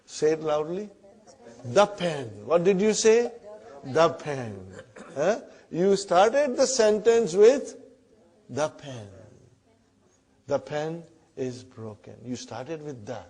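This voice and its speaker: A man teaching a classroom Arabic lesson in English, repeating words slowly and checking in with the students as he goes. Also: fairly high pitch, very animated, a little mellow, slightly rough. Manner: repeats words slowly, often asks "huh?" and "brother".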